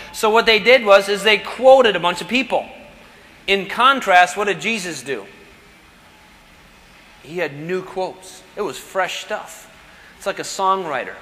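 A man delivers a sermon in a high, bright voice. He talks in a conversational way, asking questions and answering them himself. The sound carries a long reverb from a large hall. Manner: conversational preaching with rhetorical questions. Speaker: pastor.

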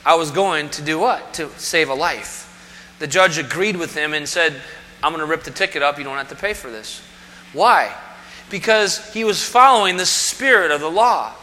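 A man's voice: fairly high pitch, normal speed, sharp tone, big-room sound. A man preaching a sermon as pastor, conversational and full of rhetorical questions.

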